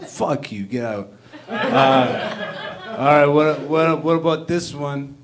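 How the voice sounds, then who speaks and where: A man's voice: on the high side, slow pace. A man in his thirties doing a profane, brash stand-up comedy rant on a club stage. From Canada. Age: 30s.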